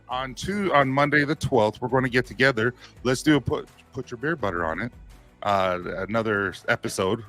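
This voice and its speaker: A man chatting loosely on a product livestream, with a bright, forceful voice. He rambles and laughs easily, and faint music plays behind him. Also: medium pitch. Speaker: beard care company owner, livestream host. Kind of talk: casual livestream chat.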